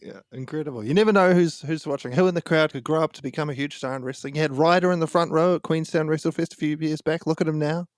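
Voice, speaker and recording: A man's voice: fairly high pitch, steady tone, fast talker, few pauses, dry recording, clean studio sound. A man hosting a casual podcast, easygoing and teasing, reading out fan questions. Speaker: podcast host.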